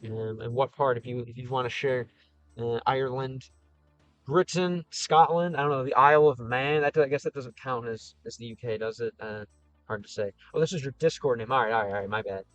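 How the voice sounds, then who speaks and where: A man's voice: mid-range voice, fairly quick, no echo, highs cut off, soft background music. Easygoing man chatting on a livestream. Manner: easygoing, thinks aloud with frequent restarts. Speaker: streamer answering live chat. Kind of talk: casual livestream chat.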